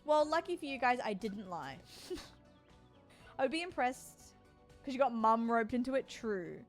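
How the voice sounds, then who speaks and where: A woman in her forties with an Australian accent and a fairly high voice chats casually with her stream viewers. She teases and jokes as she reads and answers chat. Soft music plays faintly behind her. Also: animated, normal speed. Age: 40s. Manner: playful, teasing banter, answering chat.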